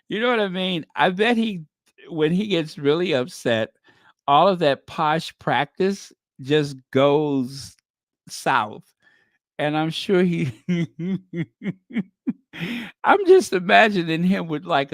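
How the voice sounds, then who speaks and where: A man hosting a commentary channel talks in an unhurried, drawn-out way, teasing and chatty as he reacts to news clips. His voice sits a little high for a man, and it sounds close and dry, with no room around it. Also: expressive, no echo. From United States. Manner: chatty, teasing, laughing asides. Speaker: channel host.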